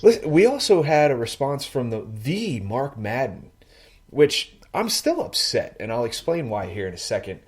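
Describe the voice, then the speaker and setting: A man co-hosting a casual sports podcast, telling stories in an animated, teasing way. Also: mid-range voice, normal speed, slightly rough. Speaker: podcast co-host.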